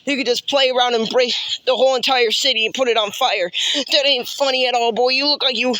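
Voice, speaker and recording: A man's voice: very high voice, steady tone, fairly quick, pushed and bright, no echo. A man delivering a rambling, profane improvised roast, repeating himself and taunting. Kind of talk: improvised insult rant.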